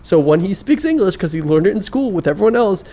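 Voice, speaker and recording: A man hosting a podcast, explaining things in an animated, rambling way full of fillers. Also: high-pitched, quick pace. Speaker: podcast host. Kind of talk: casual chat.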